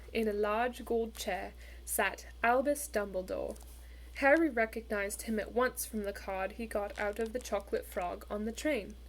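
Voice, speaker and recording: A woman narrating a children's storybook in an expressive, measured way. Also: on the high side. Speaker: audiobook reader.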